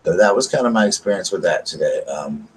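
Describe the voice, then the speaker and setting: A man's voice: sits low, expressive, a little fast, slight background noise, poor audio. A man with a Southern American accent chatting casually to camera, rambling and repeating himself as he retells an argument. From United States. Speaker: vlogger. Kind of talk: casual storytelling chat to camera.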